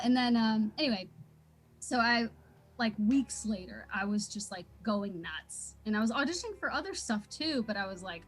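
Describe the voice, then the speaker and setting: A woman's voice: a little high, moderate pace, fairly bright tone, faint music behind. A young woman telling a story in a casual interview, bubbly and laughing often, full of fillers. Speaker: voice actor guest.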